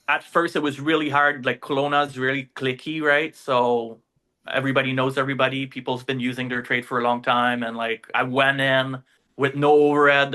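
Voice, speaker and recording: Man, French accent, bright sharp voice, podcast guest, rambling casual talk, lots of fillers. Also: mid-range voice. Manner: rambling, many fillers and tag questions. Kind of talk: casual interview storytelling.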